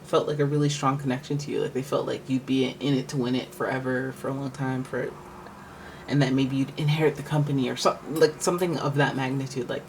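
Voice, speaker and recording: A man's voice: medium pitch, creaky, rough recording. A man giving a casual tarot reading, rambling and thinking aloud, full of restarts and fillers. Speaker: tarot reader. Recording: steady background noise.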